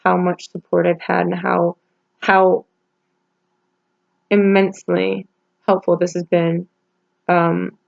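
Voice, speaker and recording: Woman with a gravelly, emotional voice. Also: lowish voice, level tone, darkish tone, lo-fi sound. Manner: halting, emotional, many restarts and pauses. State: holding back tears. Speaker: vlogger. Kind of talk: personal reflective vlog.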